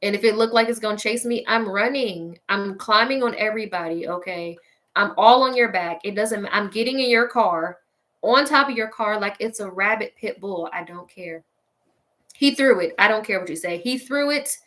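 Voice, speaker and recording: A woman hosting a show, telling a funny personal story in an animated, exclaiming way, talking straight to her listeners. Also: medium pitch, normal speed. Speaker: host.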